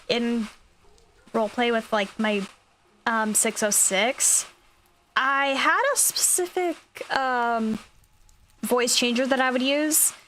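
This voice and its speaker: A woman's voice: on the high side, a bit bright, slight background noise. A young woman streamer chatting casually, upbeat and rambling with plenty of fillers. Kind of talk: casual chat.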